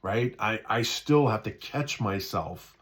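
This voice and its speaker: Expressive and slow-paced, a man with a fairly low, fairly bright voice gives a casual spiritual talk. He speaks conversationally, repeats himself, often asks "right?" and acts out the voices inside people's heads.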